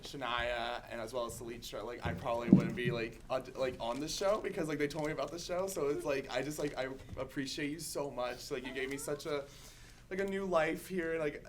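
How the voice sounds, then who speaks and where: A young man in casual chat, thanking friends in a halting way with many fillers. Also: mid-range voice, noisy background. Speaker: cast member.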